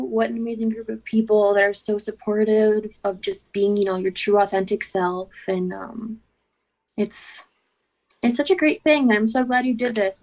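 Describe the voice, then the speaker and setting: A woman's voice: a little high, darkish tone. A young woman guest chatting casually and eagerly, with lots of filler words. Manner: bubbly, chatty, lots of ums and likes. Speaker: guest fan. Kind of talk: casual video call chat.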